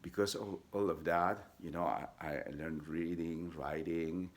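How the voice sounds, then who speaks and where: A man with a deep, gravelly voice, a vlogger, tells his own life story in a personal storytelling style. His speech is halting, full of fillers and restarts. When he quotes other people, he jumps into high, lively voices.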